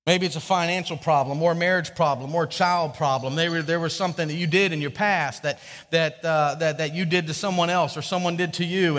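A man's voice: on the high side, fairly bright tone. A male pastor preaching a sermon in a conversational way, repeating words and asking the congregation questions, in a church. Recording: echoey hall.

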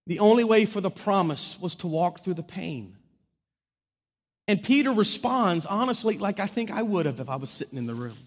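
A man preaching a sermon in a large church hall, impassioned, swinging from loud proclaiming to hushed intimacy. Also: high voice, expressive, normal speed. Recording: long reverb of a large hall.

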